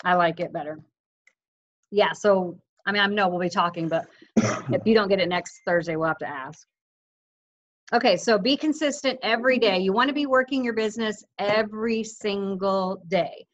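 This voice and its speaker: A woman's voice: mid-range voice, normal speed, dull audio. A woman leading her team on a video call, coaching in a casual, upbeat and insistent way, acting out what others say. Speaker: team leader coaching affiliates.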